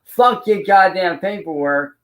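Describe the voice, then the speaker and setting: Brief: man, high voice, profane heated streamer rant. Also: a little slow, roomy sound, low-quality recording. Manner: angry, profane, ranting. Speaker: livestream host.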